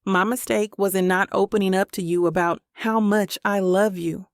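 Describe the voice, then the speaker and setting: A woman narrator voicing a tender, apologetic young husband in an audiobook, speaking softly and sincerely. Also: medium pitch, fairly even intonation, normal speed, no room sound, studio quality, close to an everyday voice. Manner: soft, sincere, pleading. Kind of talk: audiobook character voice.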